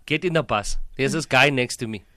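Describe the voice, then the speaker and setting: A man's voice: medium pitch, a little fast, pushed and bright, dry recording, studio quality. A young South African man with a South African accent, telling comic stories and laughing often as he acts out voices. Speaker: comedian guest. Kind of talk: animated comic storytelling.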